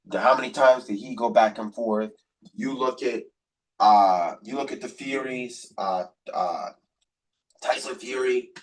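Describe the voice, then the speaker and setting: A man's voice: medium pitch, distant mic. A man hosting a podcast, giving rambling, motivational sports commentary with lots of repetition and fillers. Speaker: podcast host.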